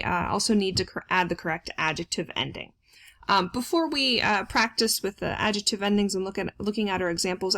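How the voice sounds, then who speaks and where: A woman's voice: mid-range voice, gravelly. A woman teaching German grammar in a recorded lesson, explaining step by step with frequent fillers.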